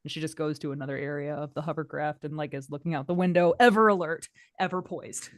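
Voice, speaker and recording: A woman talks through her character's actions at a tabletop session, chatty and full of filler words and giggles. Her voice sits a little low, and the sound is close and dry. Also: steady tone, fast, warm tone, dry recording. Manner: chatty, giggly, lots of "like" and "kinda". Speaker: tabletop player. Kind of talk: casual tabletop role-play.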